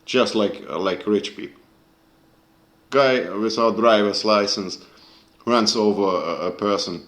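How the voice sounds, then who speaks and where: Deep-voiced man ranting angrily, echoey room. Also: takes it slowly, a bit bright. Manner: angry, profane, searching for words. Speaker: video creator. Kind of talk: casual rant to camera.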